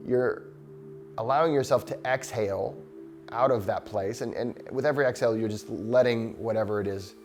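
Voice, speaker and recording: A man hosting a show, leading a guided breathing exercise in a slow, soothing, encouraging way. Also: medium pitch, music in the background. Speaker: breathwork host.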